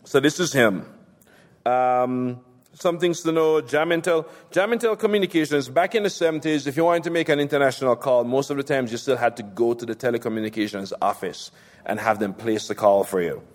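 A man's voice: mid-range voice, a little fast, in a large hall. A man casually presenting a novel reading in a loose, chatty way with fillers.

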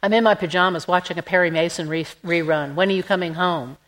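A man's voice: sits high, fairly even intonation, quick pace, a bit bright, rough recording. A woman voicing a dry, sardonic middle-aged husband in an audiobook. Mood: wry.

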